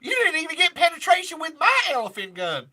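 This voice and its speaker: A tough, brassy ranch woman, as a man puts her on for laughs, bold and defiant. She drawls in a loud, high twang. It is a broad comic impression. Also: wildly swooping pitch, fast talker, full character voice. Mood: feisty. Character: brassy feisty Southern woman, tough single mom.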